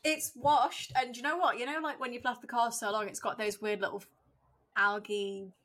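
A young woman chats on a casual podcast, animated and lively as she acts out what other people said. Her voice sits a bit high and rings bright. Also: normal speed. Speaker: podcast co-host. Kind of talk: casual chat.

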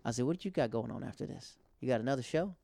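A man's voice: medium pitch, animated, fast, gravelly, mellow, no room sound. A young man hosting a podcast, a stand-up comic telling stories in a rambling, conversational way. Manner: rambling, conversational, filler-heavy. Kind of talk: casual monologue.

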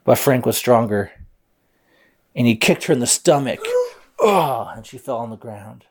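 A man's voice: medium pitch, animated, measured pace, a crowd in the background. A man improvising a bedtime story aloud, playful, with silly sound effects.

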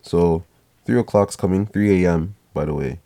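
Deep-voiced young man telling a story. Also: normal speed. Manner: relaxed, rambling, swears casually, acts out quotes. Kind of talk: casual storytelling to camera.

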